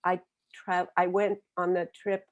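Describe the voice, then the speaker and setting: Older woman telling her story, low-pitched. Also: level tone, dull audio. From Oklahoma, USA. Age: 70s. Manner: earnest, reflective, with frequent pauses and restarts. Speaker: book author speaking on a webinar. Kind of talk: personal storytelling. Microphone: video call.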